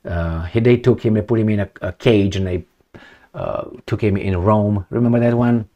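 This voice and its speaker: A man's voice: fairly low pitch, normal speed, warm tone. A man giving casual, opinionated commentary on history and politics, rambling with many fillers and restarts.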